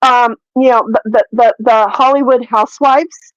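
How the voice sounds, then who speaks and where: A woman's voice: a little high, moderate pace, no room sound. A woman chatting casually, rambling and ranting with lots of fillers and some swearing. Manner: rambling, profane, animated ranting with many fillers. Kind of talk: casual chat. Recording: dry, slightly dull audio.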